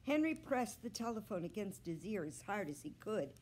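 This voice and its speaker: A librarian woman reading a children's book aloud with slow, expressive storytelling. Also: mid-range voice, a little hiss or hum.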